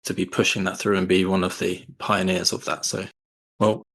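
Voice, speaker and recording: A man hosting a podcast interview, asking questions and summing up in a measured, appreciative way. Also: low-pitched, flat delivery, gravelly, a bit bright, husky. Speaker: podcast host.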